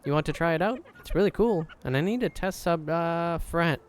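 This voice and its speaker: A man's voice: a little high, normal speed, a little hiss or hum, pitched above the performer's own voice, close to an everyday voice. A man reading game dialogue aloud, voicing an eccentric, cheerful inventor creature in a breezy, rambling way.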